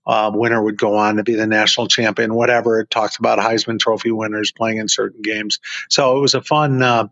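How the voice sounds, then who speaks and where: A man's voice: lowish voice, fairly bright tone, no echo. Man telling stories over lo-fi audio. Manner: rambling, enthusiastic storyteller with many fillers. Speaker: guest author and memorabilia collector. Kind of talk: casual podcast storytelling. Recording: dull lo-fi remote audio.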